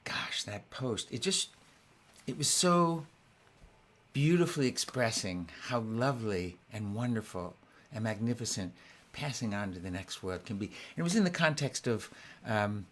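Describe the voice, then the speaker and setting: A man hosting his weekly concert, talking softly and haltingly between songs, with many restarts. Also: lowish voice, lively intonation. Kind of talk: casual spoken introduction between songs. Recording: guitar playing along in the background.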